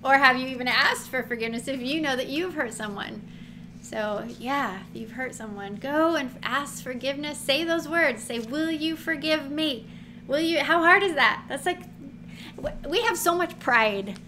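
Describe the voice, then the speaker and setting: High-voiced woman teaching Bible, chatty. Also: normal speed. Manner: chatty, animated, laughs often, acts out quotes. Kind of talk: casual Bible teaching to camera. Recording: noticeable background noise.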